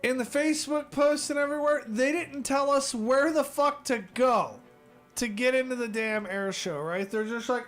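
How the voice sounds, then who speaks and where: Male streamer, high-pitched, profane exasperated storyteller, faint music under. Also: normal speed, fairly bright tone. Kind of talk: ranting comedic storytelling.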